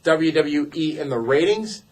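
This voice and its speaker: A man's voice: a little high, animated, measured pace, darkish tone. A man co-hosting a casual wrestling show, reading viewer emails aloud with playful emphasis. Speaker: co-host reading viewer mail. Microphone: desk mic.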